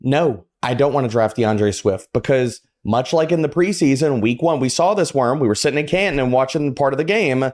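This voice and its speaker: A man talking as a podcast panelist, making forceful points and acting out other people's reactions. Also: medium pitch, lively intonation, normal speed, few pauses. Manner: emphatic, argumentative, acts out quotes. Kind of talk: casual podcast chat.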